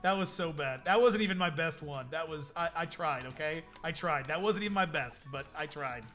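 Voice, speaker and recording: A young man hosting a livestream, chatting casually in an excitable, rambling way. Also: a little high, normal speed, faint music behind. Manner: excitable, rambling, laughs often. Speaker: livestream host. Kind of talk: casual stream chat.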